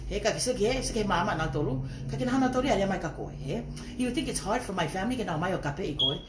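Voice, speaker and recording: Young woman, heated live-stream rant, rapid and lively, roomy echo. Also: mid-range voice, background noise. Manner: confrontational, mixing Tongan and English. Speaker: livestreamer.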